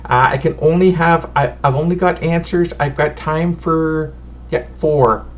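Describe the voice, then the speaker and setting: A man's voice: a little high, unhurried, lo-fi sound, pitched above the performer's own voice, natural voice. A man voicing a sweet, fussy little old woman fortune teller who chats in a folksy way and calls people darling and honey. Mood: chatty.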